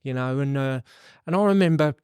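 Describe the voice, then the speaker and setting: A man's voice: mid-range voice, a little fast, a little mellow, clean tone, dry recording, studio quality. A middle-aged man, a podcast guest telling his recovery story in a rambling, candid way with fillers and swearing.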